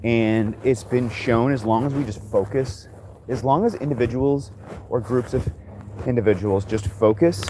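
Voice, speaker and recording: Frustrated, swearing man ranting outdoors. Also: medium pitch. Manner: frustrated, swearing, rambling with many restarts. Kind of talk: ranting monologue while walking dogs. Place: outdoors on a walk. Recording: noisy outdoor ambience.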